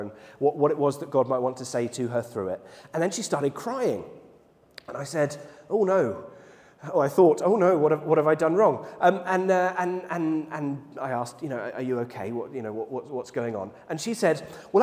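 A man's voice: fairly high pitch, a little mellow. Man preaching in a reverberant church. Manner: storytelling, many restarts and repeated words. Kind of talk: sermon with personal story. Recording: church hall with long reverb.

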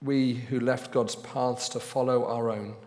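A male pastor delivers a sermon with slow, weighted phrasing, landing hard on the words he wants to stress. His voice sits at an ordinary middle pitch. A long reverb trails each phrase, as in a large hall. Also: steady tone. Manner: slow and deliberate, with loud emphatic stresses.

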